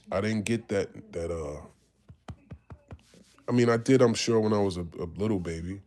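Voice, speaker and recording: A man's voice: fairly low pitch, normal speed, pauses often, darkish tone. A man, telling his life story in casual talk, candid and profane, acting out the voices of people he quotes. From Harlem, New York. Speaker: podcast host.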